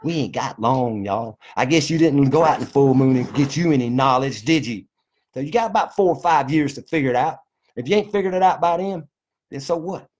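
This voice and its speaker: A man's voice: medium pitch, expressive, a little fast, darkish tone. A man delivering a fervent, profane, folksy monologue to his viewers. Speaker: vlogger. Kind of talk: impassioned monologue to camera.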